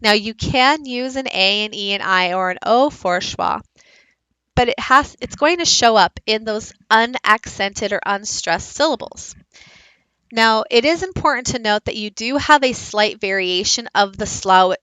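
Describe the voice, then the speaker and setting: A woman giving a recorded teaching presentation, explaining slowly and modelling speech sounds aloud. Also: mid-range voice, pushed and bright, smooth, no echo, poor audio. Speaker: teacher leading a book study.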